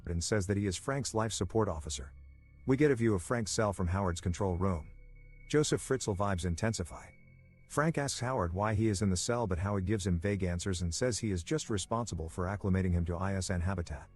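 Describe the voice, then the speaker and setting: Male narrator, lowish voice, wry delivery for scripted movie recaps over faint background music. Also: brisk, a little mellow, breathy edge. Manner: dry, wry asides.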